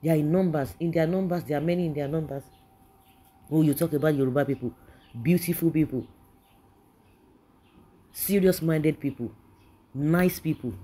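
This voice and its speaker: Nigerian commentator, indignant ranting opinion talk, dark mellow husky voice. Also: mid-range voice, normal speed, long pauses. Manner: indignant, ranting, repeats phrases. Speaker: political commentator.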